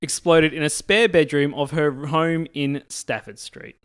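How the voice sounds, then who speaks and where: A man's voice: a little high, fairly even intonation, measured pace, fairly bright tone, clean tone. A man co-hosting a casual comedic podcast, reading a news story aloud with lots of laughter and asides. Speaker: podcast co-host.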